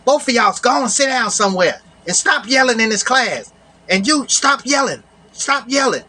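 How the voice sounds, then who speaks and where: A man voicing an impatient female schoolteacher who gives sharp, scolding orders. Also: very high-pitched, big pitch swings, unhurried, husky, voice pushed up, full character voice.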